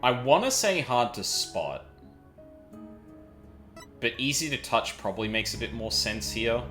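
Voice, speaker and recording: Lively rambling streamer with bright voice. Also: medium pitch, measured pace. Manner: rambling, many fillers, swears casually. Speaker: game streamer. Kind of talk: casual chat. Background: game music.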